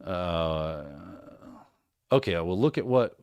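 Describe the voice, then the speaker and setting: A man hosting a casual livestream, giving energetic, encouraging advice with frequent restarts and tag questions. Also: deep voice, slow pace, smooth, dry recording. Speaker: host.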